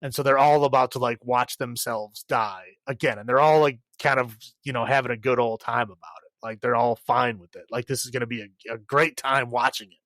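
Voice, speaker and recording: A man's voice: mid-range voice, steady tone, a little fast, few pauses, fairly bright tone, dry recording. A man co-hosting a podcast, casually recapping a film in a rambling way, full of filler words and laughs. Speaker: podcast co-host.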